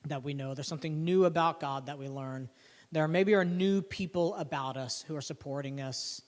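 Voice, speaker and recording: Man, pastor, sermon, casual lively delivery, higher voice, reverberant church hall. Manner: conversational, animated preaching with casual asides. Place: church sanctuary.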